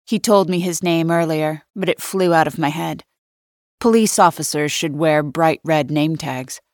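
A woman reading a first-person thriller audiobook in a wry, measured inner-monologue style. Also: deep voice, no echo, clean studio sound. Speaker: audiobook narrator.

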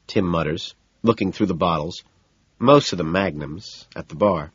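A low-voiced male narrator reads an audiobook in the first person with a wry, measured delivery and lively intonation. His voice is husky. The recording is dry and somewhat muffled. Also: no room sound.

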